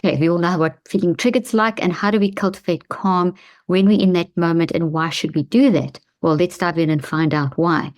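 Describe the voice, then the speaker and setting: A woman hosting a self-help talk, speaking calmly and slowly with a reassuring tone and repeated phrases. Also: fairly low pitch. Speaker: host.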